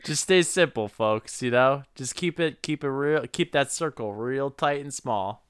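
A man's voice: mid-range voice, a little slow, clear, resonant tone, no room sound, studio quality. A man co-hosting a casual comedy podcast, laid-back and chuckling, with playful asides. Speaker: podcast co-host.

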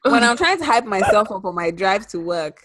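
A woman's voice: mid-range voice, big pitch swings, brisk, background noise. A woman co-hosting a podcast, chatting casually in a playful, joking way. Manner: playful, hyping, jokey. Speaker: podcast co-host. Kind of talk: casual chat.

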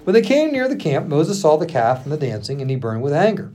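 This is a man reading scripture on a pastors' podcast. His voice is somewhat husky and moves a lot in pitch. He throws himself into the quoted lines, punching some up and dropping others low. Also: brisk. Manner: expressive reading, acting out the quotes with laughs between. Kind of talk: reading scripture aloud with asides.

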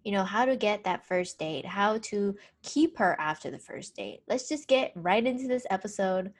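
A young woman co-hosts a casual chat podcast in a lively, animated way. She swears freely and acts out the messages she quotes. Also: medium pitch, normal speed. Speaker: podcast co-host.

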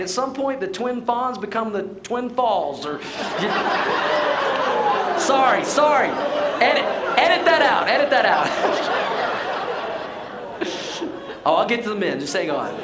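A man's voice: high-pitched, roomy sound, noisy background. A man preaching a sermon as pastor to his church, playful and joking, then pressing his points with emphasis. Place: church sanctuary.

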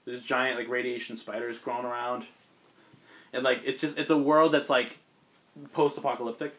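A podcast host recapping comics talks in a mid-range, slightly bright voice with a flat delivery and moderate pace. He's a man casually rambling through the plot and acting out what the characters say.

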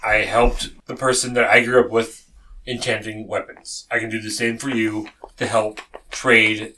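Bright-voiced man playing a tabletop game. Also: lowish voice, measured pace, a little hiss or hum, low-quality recording. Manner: excitable, swears a lot, laughs. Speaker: player. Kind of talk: casual tabletop game chat.

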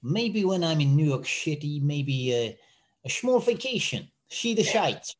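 A man's voice: on the high side, very animated, measured pace, pitched above the performer's own voice. Man putting on a sing-song tourist. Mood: wistful. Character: Dutch man dreaming of vacation.

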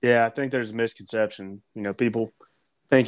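A man's voice: lowish voice, fairly even intonation, brisk. A man hosting a casual podcast chat, easygoing and asking his guest questions.

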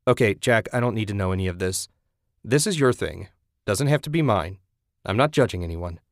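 A man's voice: lowish voice, animated, fairly quick, no echo, clean studio sound. A man voicing a polite, uneasy young city husband who talks hesitantly, in an audiobook reading. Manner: hesitant, placating.

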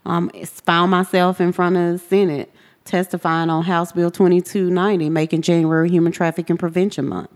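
A woman in her forties, a podcast guest, retelling her own story in a vivid, animated way. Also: fairly quick. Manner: animated, vivid retelling that jumps high when quoting others. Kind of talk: personal storytelling in a podcast interview.

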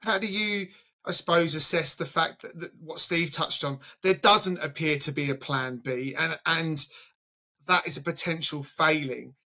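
A man with a higher, bright, forceful voice guiding a football podcast. He hands questions to his co-hosts and weighs their views. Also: measured pace. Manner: questioning, steers discussion to others. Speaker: podcast host. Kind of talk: casual football chat.

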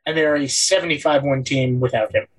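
A man's voice: mid-range voice, fairly quick, low-quality recording. A young man hosting a casual sports podcast, teasing and sarcastic with his co-hosts. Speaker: podcast host.

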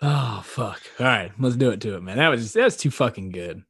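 A man's voice: medium pitch, animated, a little fast, a bit bright, breathy edge. A man co-hosting a podcast, teasing his co-host in casual banter, laughing often and swearing freely.

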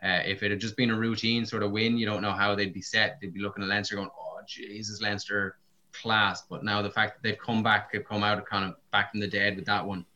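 A man's voice: fairly low pitch, little pitch movement, fast, hardly any pauses, bright, forceful tone, a little hiss or hum. A man chatting casually about rugby, with lots of fillers. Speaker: podcast co-host. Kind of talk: casual sports chat. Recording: dull lo-fi sound.

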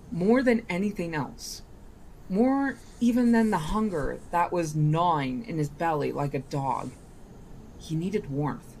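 A woman reading a novel aloud for a book club, deliberate and sometimes correcting herself mid-line. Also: low voice, a little mellow, a little hiss or hum. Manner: deliberate, with small self-corrections.

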